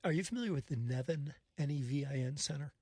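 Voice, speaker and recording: A man's voice: a little high, fast talker, a little mellow, breathy edge, no room sound, clean studio sound. A man hosting a casual conversation, affirming and conversational.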